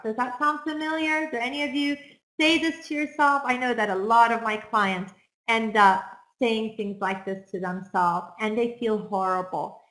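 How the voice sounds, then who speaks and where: A woman's voice: a little high, normal speed, a bit bright, echoey room, poor audio. A woman counselor giving an earnest, encouraging talk, often putting questions to her audience. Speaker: counselor speaking on self-esteem.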